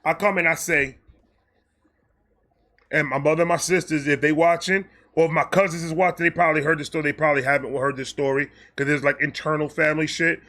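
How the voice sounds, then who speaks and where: A high, bright-voiced man with a New York accent telling a wild storytime with big animated energy. He swears freely, acts out voices and keeps dropping into low, muttered asides. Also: fairly quick. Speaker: storyteller host.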